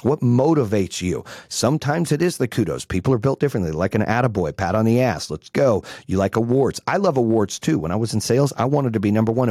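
A man's voice: mid-range voice, darkish tone, slightly rough, no echo, clean studio sound. A man in his forties giving a blunt, profane motivational talk as a business coach, swearing freely and speaking with brash conviction. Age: 40s.

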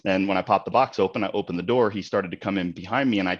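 A man rattles through a story about a confrontation, quick and animated, acting out both sides of the exchange. His voice sits a little low. The recording sounds dull and lo-fi. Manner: animated, heated retelling with quoted exchanges. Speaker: realtor, local board president. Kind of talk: casual storytelling.

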